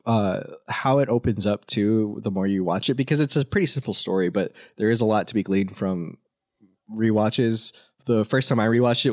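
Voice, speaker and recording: A man's voice: lowish voice, darkish tone, no echo, clean studio sound. A young man co-hosting a podcast, talking through a film in a thoughtful way with frequent fillers and restarts. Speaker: podcast co-host. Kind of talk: casual film discussion.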